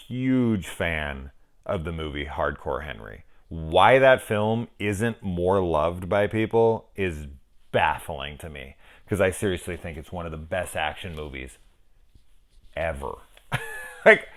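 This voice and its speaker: A man in his forties talking casually and enthusiastically about a movie, rambling, restarting and swearing as he goes. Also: deep voice. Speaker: film reviewer. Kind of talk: casual review monologue.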